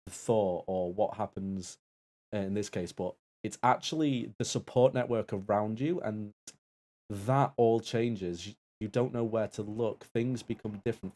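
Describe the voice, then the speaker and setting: A man with a fairly low voice talks into his stream mic, making a sincere appeal. He rambles and restarts, but the tone stays earnest. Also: warm tone. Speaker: co-host and Taskmaster assistant.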